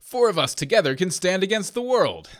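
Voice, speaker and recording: A brash veteran soldier from a storybook calls companions to his side, his lines climbing high and lively as a man reads him. He sounds emphatic and sure of himself. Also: fairly quick. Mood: rousing. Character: bold discharged male soldier, leader of six.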